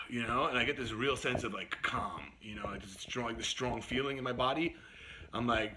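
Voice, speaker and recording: A man's voice: medium pitch, normal speed, background noise. A man who drives for a ride service, telling a story casually, full of "like" and "you know". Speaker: rideshare driver.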